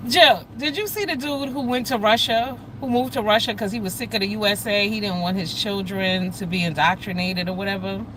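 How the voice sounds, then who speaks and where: An American woman hosting a casual livestream, chatting with viewers in a blunt, profane and animated way. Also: medium pitch, fairly quick, hardly any pauses, background noise. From United States. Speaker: livestream host.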